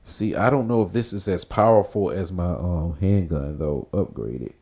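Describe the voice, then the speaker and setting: A man chatting casually while he streams a video game. His voice sits low, and he rambles, piling up fillers and swearing as he talks. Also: normal speed, mellow, slightly rough. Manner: rambling, filler-heavy, laughs easily, swears. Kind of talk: casual gameplay commentary.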